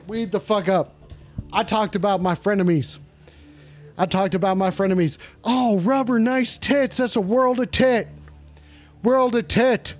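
A man's voice: high voice, unhurried, faint music behind. A man hosting a comedic call-in show in character, brash and profane and often repeating himself. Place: indoors at home.

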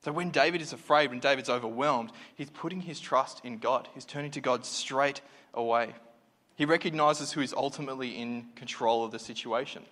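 A man's voice: medium pitch, brisk, fairly bright tone. Man preaching in a reverberant hall. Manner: conversational, reflective, with many fillers and restarts. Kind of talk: sermon.

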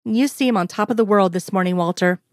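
A woman's voice: mid-range voice, fairly quick, no room sound, studio quality, natural voice. A woman voicing an affectionate young woman who speaks lightly and teasingly to her lover, in an audio story.

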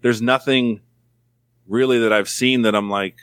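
A man's voice: mid-range voice, fairly even intonation, a little slow, fairly bright tone, clean tone, no echo. Blunt, dry-sounding male podcast guest. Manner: blunt, swears often, rambling anecdotes. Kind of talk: casual chat. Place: California.

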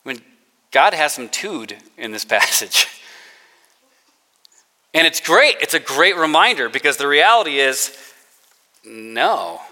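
A man giving a conversational sermon to students, joking and self-deprecating as he acts out quotes with gentle sarcasm. His voice is very bright and forward. Long reverb from a large hall trails behind his words. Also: a little high, sing-song, measured pace, long pauses. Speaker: director of spiritual formation, chapel speaker.

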